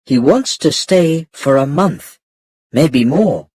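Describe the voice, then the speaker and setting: A man voicing a calm, matter-of-fact grandmother in a storybook reading, slow and low. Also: husky, no echo, exaggerated voice.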